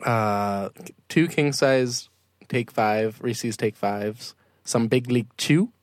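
A man's voice: mid-range voice, slow pace, dry recording, clean studio sound. A man hosting a casual podcast, upbeat and joking as he chats with his co-hosts. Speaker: podcast host.

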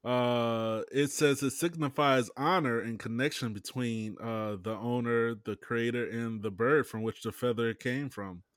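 Chill guy on a podcast, dry close mic, pretty relaxed. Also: mid-range voice, measured pace, hardly any pauses, smooth, no room sound. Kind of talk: casual chat.

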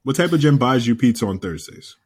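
A man co-hosting a podcast in casual chat, an animated storyteller who repeats himself and swears freely. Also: mid-range voice, fairly quick, husky. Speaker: podcast co-host.

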